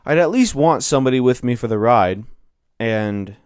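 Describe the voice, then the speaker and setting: A man's voice: medium pitch, lively intonation, moderate pace, a little mellow, clear, resonant tone, no echo, clean studio sound. A man hosting a solo podcast, talking casually and rambling, interrupting himself as he goes. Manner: rambling, self-interrupting, offhand. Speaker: podcast host.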